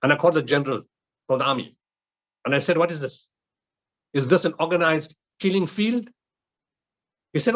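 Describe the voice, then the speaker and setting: A man from South Africa giving a keynote speech, telling stories and acting out dialogue in animated voices. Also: fairly high pitch, a little fast, long pauses. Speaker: keynote speaker. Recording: dull muffled lecture recording.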